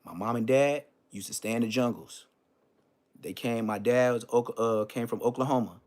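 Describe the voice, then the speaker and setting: A man hosting his own live stream, telling a story in a loose, profane way and jumping into high-pitched exclamations. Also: moderate pace, darkish tone. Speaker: livestream host.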